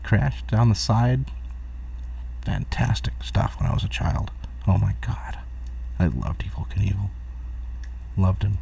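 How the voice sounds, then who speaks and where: Brief: middle-aged male host, slow, rambling, dark gravelly voice, mic set back from him. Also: fairly low pitch, recorded from a distance, a little hiss or hum. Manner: rambling, distracted, laughs at own jokes. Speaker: host of a live talk stream. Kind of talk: rambling solo live-stream chat.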